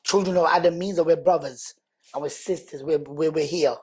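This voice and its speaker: A man, a guest on a podcast, telling his life story in an earnest, animated, conversational way. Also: fairly high pitch, fairly quick, breathy edge. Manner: animated, earnest, acts out quoted speech loudly.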